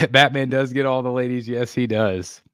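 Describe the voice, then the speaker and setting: A man hosts a casual livestream, loosely chatting with viewers and reading their comments while rambling with plenty of fillers and restarts. His mid-range voice is steady, fairly bright, clear and resonant at normal speed, captured in a dry, studio-quality recording.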